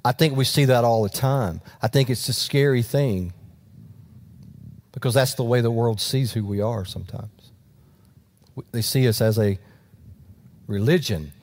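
A pastor preaching a sermon in a conversational storytelling way, with frequent asides to the congregation. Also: male voice, mid-range voice, a little slow, pauses often, darkish tone.

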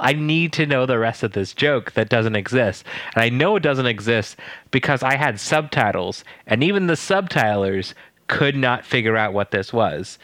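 A man co-hosting a casual podcast, recapping a TV episode with animated, incredulous asides. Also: medium pitch, no echo. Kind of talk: casual chat.

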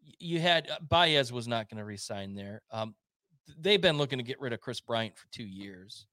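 A man's voice: medium pitch, expressive, moderate pace, sharp tone, dry recording. A man co-hosting a casual podcast, telling rambling stories full of fillers and restarts. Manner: rambling storyteller, many fillers and restarts, laughs often. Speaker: podcast co-host. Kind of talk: casual chat.

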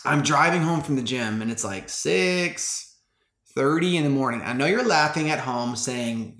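A man's voice: mid-range voice, animated, normal speed, a bit bright, reverberant. A young man casually telling a story to his podcast listeners, chatty and laid-back, full of "like" and "bro.". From Texas. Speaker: podcast host.

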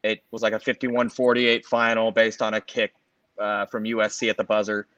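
A man's voice: on the low side, monotone, normal speed, fairly bright tone, no room sound, lo-fi sound. A man in his forties from the Los Angeles area, rambling through a casual sports chat as a podcast co-host, full of fillers and self-corrections. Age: 40s.

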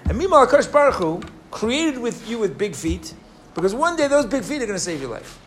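A man with a fairly high voice gives an animated sermon, telling stories and throwing questions out to his audience. He often restarts his sentences. A faint background noise sits under the recording. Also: fast. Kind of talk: sermon with storytelling.

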